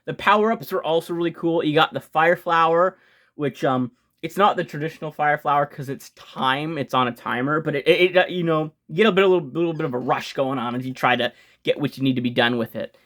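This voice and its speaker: An excitable young man with a slightly high voice runs through his favorite video games on his channel. He talks fast, gets worked up, restarts his sentences and swears casually as he gushes. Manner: fast-talking with frequent restarts. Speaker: video game channel host. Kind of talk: casual game ranking vlog.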